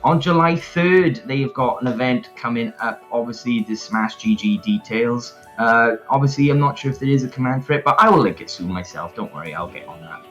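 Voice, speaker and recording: A Welsh man casts an online fighting game event from home in a playful, chatty way, teasing and egging on the viewers. He sits at a mid pitch for a man, and faint music plays underneath. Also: brisk, hardly any pauses, a bit bright, muffled recording. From South Wales. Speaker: tournament caster. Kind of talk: casual live stream commentary. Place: home, indoors.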